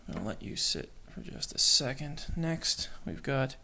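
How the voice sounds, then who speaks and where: A man's voice: medium pitch, sing-song, normal speed, creaky, sharp tone. A man narrating his model kit build, muttering and whispering to himself as he works, with jokey self-mocking asides. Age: adult with children. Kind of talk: hobby build video narration.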